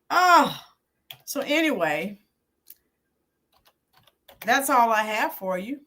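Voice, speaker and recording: A middle-aged woman with a medium-pitched, sharp voice hosts her own channel. As a YouTube host and teacher, she chats casually with viewers in a live stream, reminiscing and addressing them by name.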